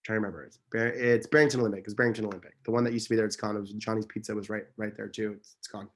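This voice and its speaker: A man's voice: lowish voice, flat delivery, rapid-fire. Man, interview guest, casual storytelling, passionate, emphatic, rambling, self-correcting.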